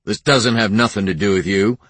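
A man's voice: lowish voice, fairly quick, fairly bright tone, husky, no room sound, voice pushed up. A man voicing a brawny, threatening ranch brother in an audiobook, growling insults and threats. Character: brawny young ranch brother, hostile bully.

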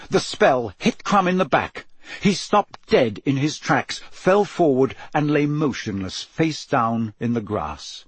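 A man's voice: mid-range voice, breathy edge, no room sound. A man reading an audiobook aloud, with tense, dramatic storytelling. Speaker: narrator.

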